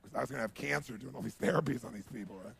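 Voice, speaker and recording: A man telling a story at a seminar in an animated way, acting out the dialogue and checking in with his audience. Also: medium pitch, rapid-fire, creaky, a little hiss or hum. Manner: animated, acts out dialogue, asks the audience for agreement. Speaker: motivational speaker.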